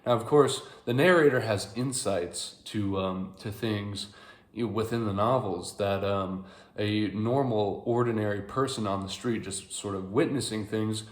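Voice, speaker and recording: A man's voice: on the low side, unhurried. A young American man giving a rambling, casual book review to camera, with many fillers and restarts. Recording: echoey room, faint background hiss.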